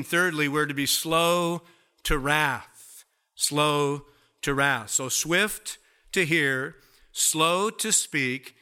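A man preaching a sermon as pastor, slow and deliberate, stretching out key words for emphasis. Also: a little high, sharp tone, clear, resonant tone.

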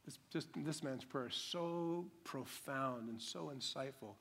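A man preaching a sermon with emphatic delivery, swinging from loud to hushed, acting out quick imagined voices. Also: medium pitch, vocal fry. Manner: acts out imagined voices in quick dramatic bursts. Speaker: pastor.

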